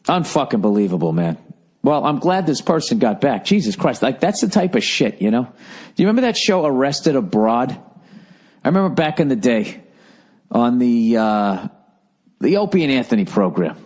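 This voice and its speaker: A man's voice: medium pitch, very animated, normal speed, a little mellow. A man hosting a podcast in a casual comedic rant, rambling, sarcastic and heavy on swearing. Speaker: podcast host.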